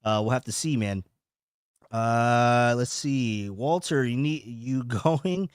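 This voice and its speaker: A man's voice: medium pitch, slow, smooth, no echo, studio quality. A young man hosting a casual podcast livestream from a home setup, rambling, repeating himself and reading chat comments aloud. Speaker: podcast host. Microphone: home streaming setup.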